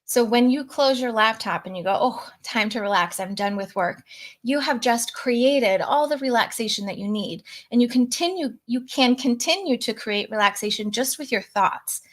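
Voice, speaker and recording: Coach host, middle-aged woman, slightly high voice, chatty live-stream delivery. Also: moderate pace, hardly any pauses. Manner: chatty, reads out viewer comments. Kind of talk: casual coaching talk to a live audience.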